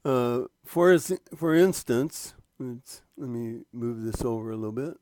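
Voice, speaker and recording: A man slowly talking through a trading chart on screen, with many pauses, fillers and restarts as he points things out. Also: medium pitch, darkish tone, no echo, clean studio sound. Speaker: trading instructor. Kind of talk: screen-share walkthrough of a trading indicator.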